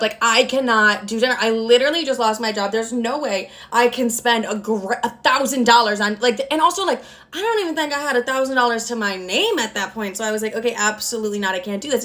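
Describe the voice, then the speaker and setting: A woman's voice: on the high side, a bit bright. Blunt, foul-mouthed young woman telling stories. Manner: blunt, sarcastic and heavily profane; dramatic, acts out quoted dialogue. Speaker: storytime creator. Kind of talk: casual storytime monologue.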